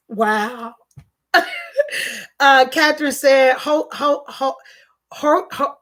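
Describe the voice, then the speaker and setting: A woman's voice: high-pitched, a bit bright. A woman pastor chatting casually on a livestream, reading viewer comments aloud and laughing often in slangy everyday speech.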